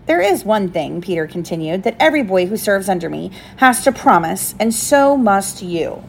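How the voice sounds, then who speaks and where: A mother reads a children's storybook aloud at home, voice sitting at an ordinary middle pitch. She lifts her tone for the characters' lines and keeps the narration lively. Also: moderate pace, a little hiss or hum.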